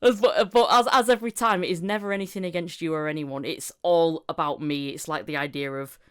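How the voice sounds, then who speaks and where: Woman podcast guest, somewhat low voice, self-deprecating rambling chat. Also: fairly even intonation, brisk, smooth. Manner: rambling and self-deprecating, laughs often, restarts.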